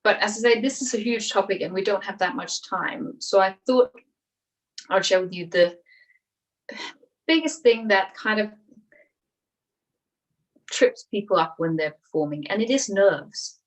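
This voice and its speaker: A woman's voice: mid-range voice, lively intonation, a little slow, long pauses, distant mic, poor audio. A woman public speaking coach giving an encouraging online workshop talk, acting out people's inner voices.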